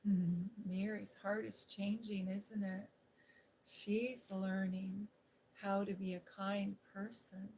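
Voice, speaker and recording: A woman host reading a classic novel aloud in a gentle, soothing ASMR style, with whispered asides. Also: medium pitch, little pitch movement, slow pace, a little hiss or hum, rough recording. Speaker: storybook reader and ASMR host. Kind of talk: softly spoken ASMR story reading.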